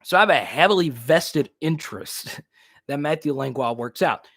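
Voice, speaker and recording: A man's voice: a little high, animated, normal speed, fairly bright tone, dry recording, studio quality. A man hosting a casual live stream. He laughs often and repeats himself as he talks. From New Roads, Louisiana.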